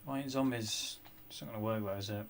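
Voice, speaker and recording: A man's voice: fairly low pitch, brisk, gravelly, slight background noise. Mumbling man streaming games. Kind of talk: casual live-stream chat while gaming.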